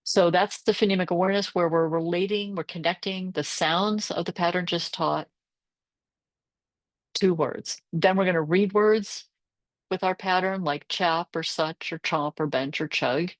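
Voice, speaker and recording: Low-voiced woman tutor explaining phonics. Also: a little slow, no echo. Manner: explanatory, models phonics sounds aloud. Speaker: reading tutor presenting a teacher workshop. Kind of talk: workshop presentation.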